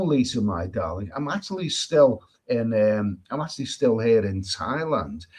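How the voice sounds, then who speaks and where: A medium-pitched man from England hosts a casual travel live stream on a Thai island. As a vlogger, he reads out viewer comments and replies in a chatty, repetitive way, with lots of restarts and emphatic views.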